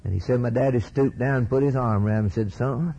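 A man delivers a fiery sermon in a husky, dark voice. He drags some phrases out low and slow, then surges into high, ringing peaks. The recording is dull and lo-fi. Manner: swings from low drawn-out lines to sudden high shouted peaks. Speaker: preacher.

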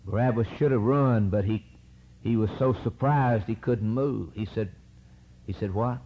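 A man preaching a sermon in a rhythmic, dramatic style, rising to high cries and dropping low again. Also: measured pace. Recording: dull lo-fi recording with faint hiss.

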